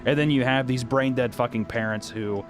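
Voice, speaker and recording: A man's voice: medium pitch, normal speed, music in the background. A young man giving sarcastic, profane comedic commentary while reviewing old movies. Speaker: video reviewer.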